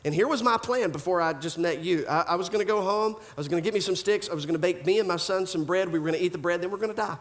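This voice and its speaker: A male preacher voicing a poor widow who calmly says she and her son are about to starve. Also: high voice, fast talker, hardly any pauses, pitched below the performer's own voice, close to an everyday voice. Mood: resigned. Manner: plain-spoken, matter-of-fact. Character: poor widow woman facing starvation, resigned. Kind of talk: storytelling in a sermon.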